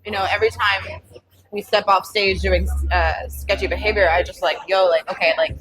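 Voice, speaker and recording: A woman's voice: medium pitch, fairly even intonation, moderate pace, fairly bright tone, a little hiss or hum, low-quality recording. A woman comedian, a guest on a podcast, chatting casually and rambling with lots of filler words.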